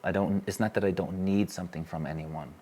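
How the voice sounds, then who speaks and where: A workshop speaker with a deep, husky, warm voice talks fairly quickly and steadily to a small live audience in a room. He relates a candid personal story earnestly and poses questions to the listeners.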